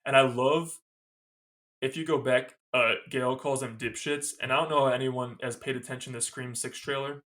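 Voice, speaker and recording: A man co-hosting a podcast, chatting casually and excitedly about a movie, swearing a lot and retelling scenes with plenty of "like" and "you know". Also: mid-range voice, normal speed. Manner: enthusiastic, profane, retells scenes with lots of "like". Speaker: podcast co-host. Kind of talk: casual film discussion chat.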